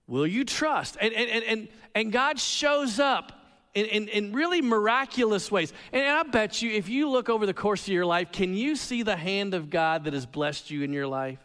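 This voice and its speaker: High-voiced pastor in a reverberant hall. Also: male voice. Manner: animated storytelling with humor and dramatic pauses. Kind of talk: sermon.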